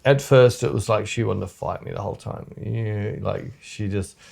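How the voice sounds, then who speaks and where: A man's voice: lowish voice, moderate pace, creaky, a little mellow, husky. A man, a photographer hosting a podcast, telling rambling, blunt, joking stories in casual chat.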